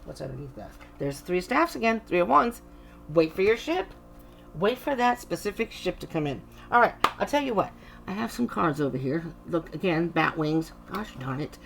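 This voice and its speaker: A woman's voice: fairly low pitch, expressive, normal speed, creaky, slight background noise. A middle-aged woman doing a casual tarot reading to camera, chatty and reassuring, often interrupting herself. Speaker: tarot reader.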